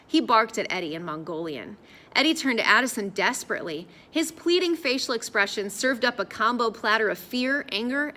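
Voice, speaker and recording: Bright-voiced lady reading a kids' adventure audiobook, lots of lift in her pitch. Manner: lively, expressive storytelling. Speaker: audiobook narrator. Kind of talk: scripted narration.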